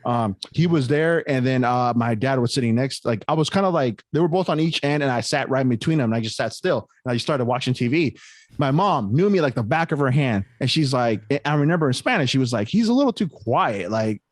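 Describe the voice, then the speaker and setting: A young man co-hosting a podcast, telling a story in casual chat, animated and full of swearing. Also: mid-range voice, a little fast, no room sound. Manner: animated, heavy swearing, laughs between lines. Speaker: podcast co-host.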